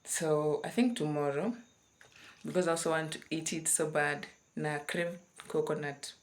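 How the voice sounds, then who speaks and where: A woman's voice: sits low, normal speed. A young woman, chatting casually in a vlog and switching between English and Swahili. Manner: mixes English with Swahili, bubbly and giggly when excited. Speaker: vlogger.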